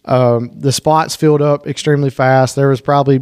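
A man hosting a casual podcast chat, an animated storyteller who laughs often. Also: medium pitch, fairly quick, clear, resonant tone. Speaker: podcast host.

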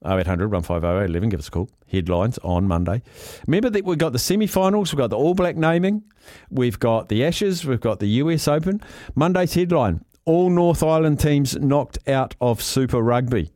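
Upbeat New Zealand radio host, dry studio sound. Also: male voice, mid-range voice, a little fast, dark tone, dry recording. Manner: jokey, upbeat, reads listener texts. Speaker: radio talk show host. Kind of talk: casual sports talk radio chat. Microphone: studio mic.

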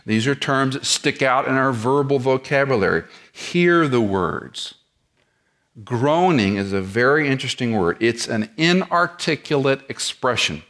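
A man's voice: medium pitch, moderate pace, hardly any pauses, fairly bright tone. A middle-aged man preaching an expository sermon, explaining the text verse by verse and posing rhetorical questions as he teaches. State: lives with chronic back pain. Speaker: pastor.

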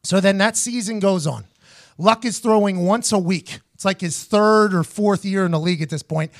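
High-voiced man telling a wild story. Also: moderate pace. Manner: animated, acts out others' voices in his stories, swears freely. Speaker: podcast host. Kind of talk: casual storytelling.

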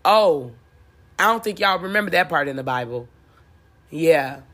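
A woman's voice: deep voice, expressive, measured pace, a bit bright. Blunt, profane woman preaching self-help. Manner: blunt, profane, laughing at her own lines, repeats for emphasis. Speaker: spiritual motivational speaker. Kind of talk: preachy motivational monologue.

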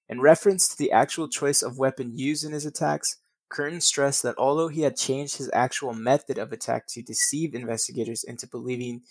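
A man's voice: mid-range voice, vocal fry, no room sound. A man reading a true crime account aloud, stumbling over words and breaking into crude, profane casual asides. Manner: reads from notes with slips, then drops into profane casual asides.

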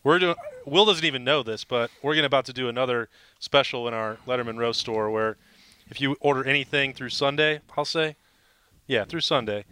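Brief: male sports podcast regular, keen and analytical, crisp, bright tone, close dry mic. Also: medium pitch, a little fast, no echo. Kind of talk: casual sports podcast chat.

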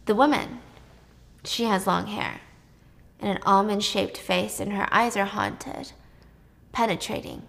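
A woman casually retelling a drama's plot, chatty and lively, raising her voice when she acts out the characters' lines. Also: unhurried, vocal fry, pauses often. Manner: chatty, acts out dialogue with raised pitch. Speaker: drama recap narrator. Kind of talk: casual storytelling recap.

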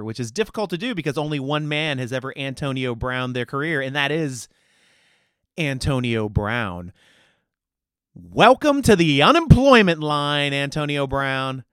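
A man's voice: mid-range voice, a bit bright, smooth, no echo, clean studio sound. A man hosting a sports podcast, giving heated, opinionated, mocking commentary.

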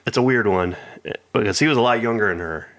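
A man with a somewhat low voice spins a loose, rambling story in casual conversation. He drifts from point to point and slips into other people's voices when he quotes them. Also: fast talker, a bit bright.

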